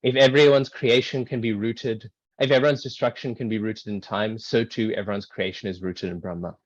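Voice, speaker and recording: A man's voice: lowish voice, steady tone, a little fast, no echo, muffled recording. A man explaining a scripture verse in a casual online class, with many ums and rhetorical "right?" checks. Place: online video call.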